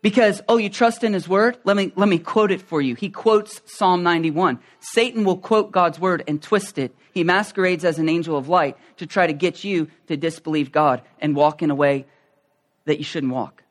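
A man delivers a sermon in a high voice. He talks in a conversational way, with fillers and restarts, then builds to loud, emphatic preaching. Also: normal speed.

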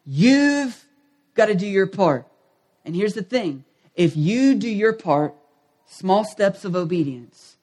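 A man with a high, bright voice preaches a sermon as pastor. He delivers it animatedly, swinging from quiet asides to near shouts. At times he drifts off the mic. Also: expressive, a little slow. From United States.

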